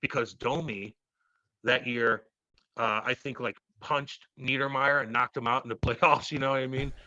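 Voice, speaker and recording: A man in his thirties, a former hockey player, telling stories loudly and profanely in a casual interview. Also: mid-range voice, normal speed, no room sound, dull audio. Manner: loud, profane, animated storytelling.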